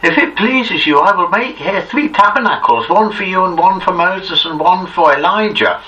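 A man voicing Peter as an eager disciple, spoken at a raised pitch. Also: normal speed, sharp tone. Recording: distant muffled recording, faint hiss.

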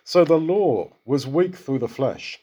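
Husky, dark-voiced man teaching Scripture. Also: a little high, animated, a little slow. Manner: conversational, asks listeners rhetorical questions. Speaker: Bible teacher. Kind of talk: conversational Bible exposition.

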